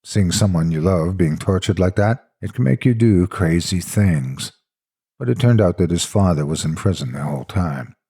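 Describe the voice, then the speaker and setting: A man's voice: deep voice, lively intonation, moderate pace, warm tone, slightly rough. A man narrating a horror story in the first person, with a dramatic, intense delivery.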